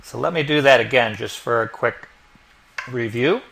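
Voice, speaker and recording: A man narrating a software tutorial step by step as the instructor, explaining each click as he goes. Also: medium pitch, moderate pace, creaky, slight background noise. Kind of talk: screen-recorded tutorial narration.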